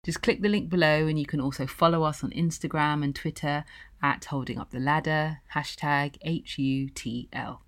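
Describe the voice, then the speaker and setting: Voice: medium pitch, fairly even intonation, normal speed, fairly bright tone. A podcast host thanking a guest and then reading the show's outro to listeners. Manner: encouraging, affirming listener with frequent "mm-hmm".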